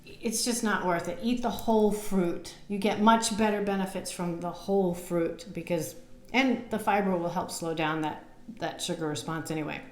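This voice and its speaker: A woman's voice: on the low side, moderate pace, darkish tone, roomy sound. A woman nutrition coach giving casual on-camera health advice, chatty, with many fillers and laughs at herself. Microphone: camera mic.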